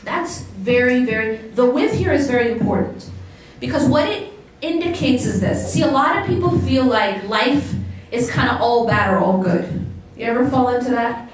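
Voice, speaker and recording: A woman's voice: a little high, animated, moderate pace. A woman giving a religious lecture to a live audience, talking conversationally and asking the listeners questions. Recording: echoey hall, voice from far off, faint noise.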